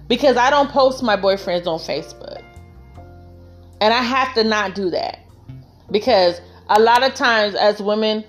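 A woman speaking to the camera in an emphatic, storytelling way, her voice pitched somewhat high. She addresses other women directly with heartfelt, plain-spoken advice. Faint music runs quietly behind her. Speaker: vlogger giving relationship advice. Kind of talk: casual heartfelt monologue.

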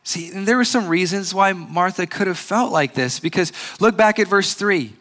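A man preaching a sermon as pastor, earnest and measured, pausing and restarting often. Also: high voice, a bit bright. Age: adult with a grandfather recently passed.

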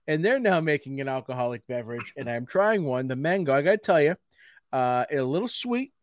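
A man in his forties chats on a podcast in a slightly high voice. He is excitable and playful and laughs often. The recording is dry and close. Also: normal speed, no echo. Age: 40s. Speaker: podcast co-host. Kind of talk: casual podcast chat.

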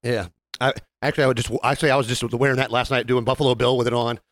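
Racing along in a mid-range voice, this man co-hosts a casual podcast, spinning animated stories. He acts out what customers said and cusses freely throughout.

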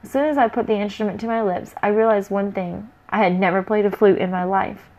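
A woman reading a first-person fantasy adventure story aloud in a lively, playful way. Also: medium pitch, a little fast.

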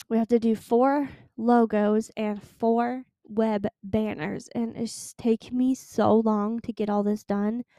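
Venting young woman, dark voice. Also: fairly high pitch, no room sound. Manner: exasperated, venting storyteller. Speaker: podcast host. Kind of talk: casual chat.

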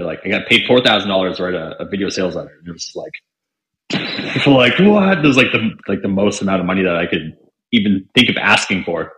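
A man's voice: low-pitched, pushed and bright. A young man, a podcast guest, telling stories casually with lots of fillers and acted-out quotes. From Canada. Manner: chatty, filler-heavy, acts out quoted dialogue. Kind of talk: casual storytelling. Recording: roomy echo.

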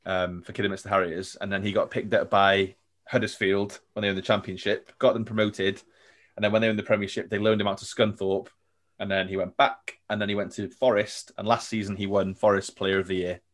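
A young man with a fairly low voice, chatting casually as a podcast guest. He tells loose, rambling stories and laughs often along the way. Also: level tone, fairly quick. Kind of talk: casual storytelling chat.

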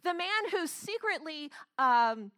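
A woman's voice: very high voice, sing-song, slow, bright, forceful tone, no room sound, studio quality. A woman pastor preaching a sermon, telling the story dramatically and acting out the quotes.

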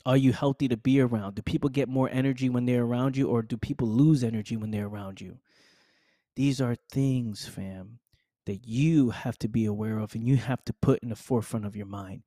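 A man's voice: mid-range voice, steady tone, fairly quick, mellow, no echo, studio quality. A man hosting a podcast, delivering a preachy motivational monologue straight to the listener, repeating phrases and calling them "fam.". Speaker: podcast host.

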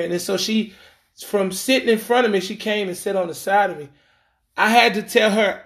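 A man telling a rambling dating story in a casual monologue, slangy and animated, acting out what people said. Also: high voice, moderate pace. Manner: rambling, animated, acts out quoted lines; frequent fillers and restarts, slangy.

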